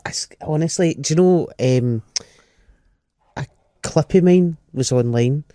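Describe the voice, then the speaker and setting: A man's voice: a little high, unhurried, warm tone, a little hiss or hum. A Glaswegian man chatting on a comedy podcast, sweary and ranting as he mocks other people's voices. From Scotland. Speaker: comedian co-host. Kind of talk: casual comedy podcast chat.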